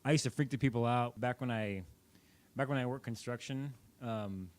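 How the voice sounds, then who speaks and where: A young man with an ordinary mid pitch for a male voice chats to the camera at a moderate pace, like a casual vlogger telling a story. He rambles loosely, circling back and correcting himself as he goes.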